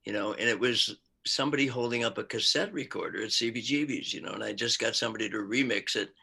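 A man's voice: medium pitch, fast talker, gravelly, bright, forceful tone, husky. An older man, an actor and musician, chatting casually in an interview, rambling with asides and frequent laughs.

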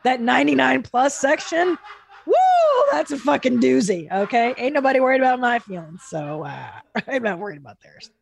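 A woman hosting a podcast in casual chat, blunt and animated, swearing freely. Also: high voice, moderate pace, gravelly, slight background noise. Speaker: podcast host.

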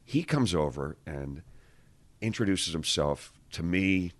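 A man's voice: sits low, expressive, takes it slowly, dry recording. A middle-aged man in casual chat, animatedly telling an anecdote, swearing freely and acting out quotes.

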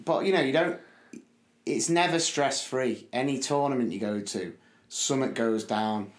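Animated man, roomy echo. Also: medium pitch, normal speed. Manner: lively storytelling, loud bursts when acting out his shouting. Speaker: podcast co-host. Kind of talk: casual chat.

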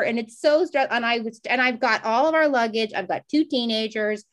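A woman in her forties co-hosting a podcast, telling a personal story in a rambling, animated way and acting out quoted voices. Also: a little fast, hardly any pauses. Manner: animated, acts out quoted voices with big pitch jumps; rambling with frequent restarts and "like". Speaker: podcast co-host. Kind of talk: casual chat, personal storytelling.

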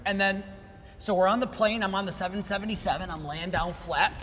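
High-voiced man telling a story in a roomy hall. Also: fairly quick. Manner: animated, retells quotes in lively bursts. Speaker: podcast host. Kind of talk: casual storytelling chat. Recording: roomy hall with faint noise.

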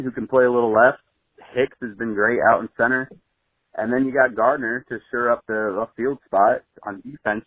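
A man's voice: mid-range voice, dry recording. A man leaves a loose, rambling voicemail for a podcast, full of "you know" and restarts. The sound is thin and phone-like, with no room around it. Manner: casual, rambling with fillers. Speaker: caller. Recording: tinny phone line voicemail.

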